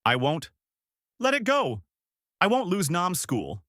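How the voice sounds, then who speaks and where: A man voicing a grieving young woman who teaches in a village, pleading and shouting through tears. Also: mid-range voice, sing-song, normal speed, dry recording, studio quality. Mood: anguished.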